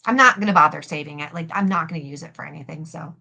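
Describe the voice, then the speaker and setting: A woman's voice: sits low, fast talker, gravelly, pushed and bright. A young adult woman hosting a casual craft live stream, chatting in a rambling way with lots of fillers and the odd swear. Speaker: cosplay prop maker and live-stream host.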